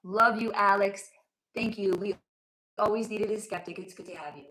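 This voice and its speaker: Hoarse-voiced woman hosting a livestream. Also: mid-range voice, brisk, darkish tone, roomy sound, poor audio. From lives in Los Angeles. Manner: chatty, affectionate, reads chat aloud. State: losing her voice, sore throat. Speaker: livestream host, spiritual reader. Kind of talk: casual livestream chat with viewers. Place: home room.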